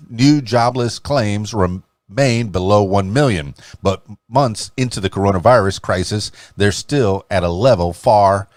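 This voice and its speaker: A man's voice: fairly low pitch, no room sound. A man hosting a podcast, reading a numbered news roundup aloud with frequent stumbles and restarts. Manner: reads headlines aloud with frequent slips and restarts.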